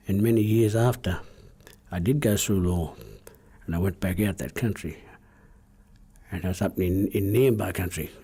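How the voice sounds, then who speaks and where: Husky, dark-voiced Australian storyteller man. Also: fairly low pitch. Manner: measured, repetitive cadence that drops to hushed tones. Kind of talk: oral storytelling.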